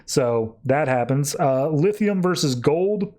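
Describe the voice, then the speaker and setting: On his podcast, a man with a somewhat high, slightly mellow voice gives a loose, chatty recap of a comic book issue, speaking in quick bursts and filling gaps with fillers.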